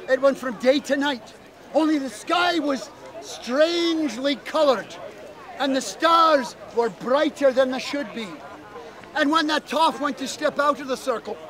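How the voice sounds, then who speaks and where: Male storyteller, very high voice, animated with jokey asides, outdoor crowd faintly behind. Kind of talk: live oral storytelling to an audience. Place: outdoor event.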